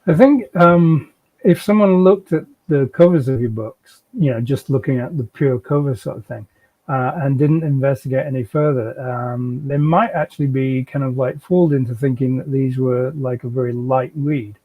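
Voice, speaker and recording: A man's voice: medium pitch, moderate pace, phone-quality sound. A man hosting a podcast, asking interview questions in a hesitant way with many fillers. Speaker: podcast host.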